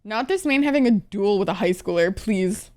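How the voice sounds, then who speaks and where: A woman's voice: medium pitch, lively intonation, moderate pace, a little mellow. A young woman from Egypt giving casual reaction commentary, exclaiming and talking back at the screen. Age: young adult. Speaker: anime reaction streamer. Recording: show music faintly behind.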